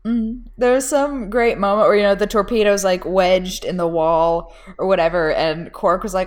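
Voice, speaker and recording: A young adult woman co-hosting a casual podcast chat, animated, laughing often and acting out scenes she describes. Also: mid-range voice, moderate pace, few pauses. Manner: animated, laughs often, quotes lines in voices. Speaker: podcast co-host.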